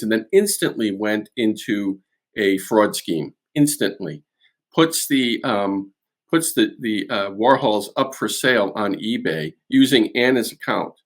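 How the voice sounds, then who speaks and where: A man with a Boston accent, a guest expert, explaining a case in a measured way with fillers and restarts. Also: on the low side. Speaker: security and art crime expert guest. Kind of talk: conversational expert analysis.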